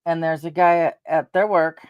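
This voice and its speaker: A woman's voice: low-pitched, fairly even intonation, moderate pace, clear, resonant tone, no echo, dull audio. A middle-aged woman chatting casually to her viewers, rambling through personal stories and laughing along the way. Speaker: vlogger.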